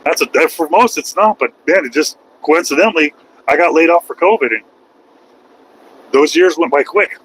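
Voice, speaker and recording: A man's voice: on the high side, normal speed, fairly bright tone, slight background noise, poor audio. Folksy middle-aged trucker rambling in his cab. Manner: rambling, folksy, swears casually. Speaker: truck driver vlogger. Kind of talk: casual chat while driving.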